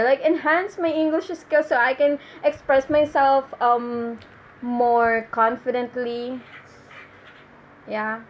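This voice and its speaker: A young Filipina woman with a Filipino accent chats through a comedy bit to camera, stopping and correcting herself as she goes. Her voice sits a little high. The recording is a touch muffled with a faint hiss underneath. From Philippines. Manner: halting, self-correcting, giggly asides. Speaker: vlogger doing stand-up. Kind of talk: casual comedic monologue to camera. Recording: slightly muffled with faint noise.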